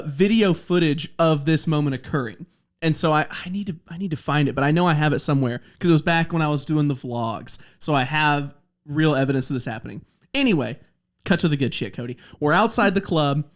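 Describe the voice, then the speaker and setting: A man's voice: fairly high pitch, a little fast. A man hosting a casual podcast chat, telling a funny story with lots of laughs and acted-out quotes. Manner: animated, acts out quotes, laughs often. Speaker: podcast host.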